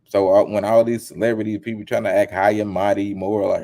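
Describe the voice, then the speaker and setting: Gravelly, emphatic male vlogger. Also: lowish voice, a little fast. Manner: animated, emphatic, slangy. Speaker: commentary vlogger. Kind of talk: casual commentary.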